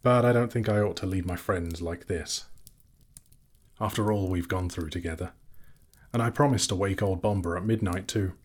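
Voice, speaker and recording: A man plays a male hobbit who is courteous and fussy, speaking in a quick, businesslike, genteel manner with a slight huskiness. His voice sits low.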